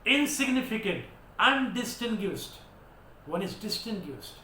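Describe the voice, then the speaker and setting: A man's voice: sits high, very animated, measured pace, bright, forceful tone. A man with an Indian English accent teaching vocabulary, spelling words out and switching into Hindi to explain. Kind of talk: vocabulary lesson. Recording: echoey room with faint background noise.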